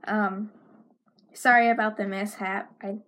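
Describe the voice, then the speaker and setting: A woman's voice: medium pitch, level tone, a little slow, a bit bright, rough recording. A woman with a Southern American accent, hosting a casual educational podcast and hesitating often with ums as she corrects herself. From Southern United States. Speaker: podcast host.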